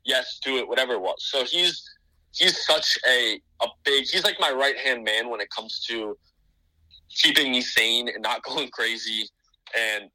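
A man's voice: medium pitch, measured pace, pushed and bright, no room sound, rough recording. A man, a business owner, talking in a casual podcast chat, rambling with many restarts and fillers.

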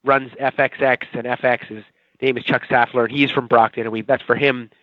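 A man's voice: medium pitch, level tone, a little fast, dry recording, narrow, tinny audio. A man in his forties from the Boston area, a TV writer talking casually as an interview guest, rambling and self-mocking. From Boston area, Watertown.

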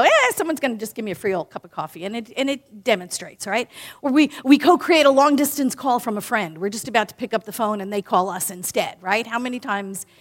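A woman giving a sermon in a warm, conversational way, often asking "right?" and slowly repeating key lines for emphasis. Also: a little high. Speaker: minister.

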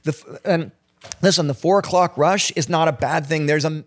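A man's voice: fairly high pitch, normal speed. A middle-aged man, a former canoe trip outfitter, chatting casually and acting out voices as he tells stories. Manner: animated storyteller, acts out quoted voices. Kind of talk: casual conversation.

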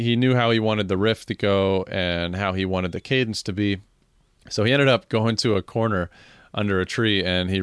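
A man co-hosting a casual album review chat, relaxed and agreeable, asking his partner questions. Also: deep voice, clean tone, no room sound, clean studio sound. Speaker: album review podcast co-host.

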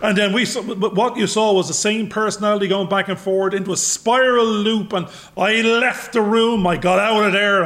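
A man with a high voice talks in a loose, rambling way. He tells his stories with animated, sudden loud bursts. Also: moderate pace, few pauses. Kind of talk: casual chat.

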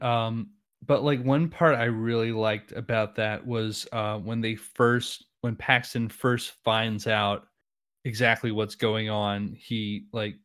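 A man's voice: lowish voice, fairly bright tone, clean tone, dry recording, clean studio sound. A man casually discussing a horror film, retelling scenes with lots of fillers.

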